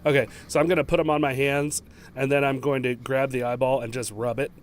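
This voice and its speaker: A man at a middle pitch plays a tabletop game in a laid-back, chuckling way. He thinks aloud about what his character does next. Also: flat delivery, fairly quick, a little hiss or hum. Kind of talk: casual tabletop game play.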